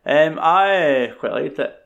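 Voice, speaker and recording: Gravelly man, halting film chat. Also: fairly high pitch, expressive, a bit bright, highs cut off. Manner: hesitant, searching for words. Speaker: podcast co-host.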